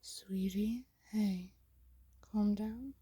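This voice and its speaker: A woman voicing a gentle, calm male toon boyfriend in a soft whisper, in a whispered role-play. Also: mid-range voice, extremely slow, slightly rough, dry recording, exaggerated voice. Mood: soothing.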